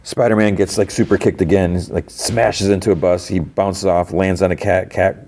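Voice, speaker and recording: A man's voice: sits low, steady tone, moderate pace, darkish tone. A man hosting a podcast, casually recapping a cartoon episode in a loose, rambling way. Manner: rambling, lots of "like" and restarts. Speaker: podcast host.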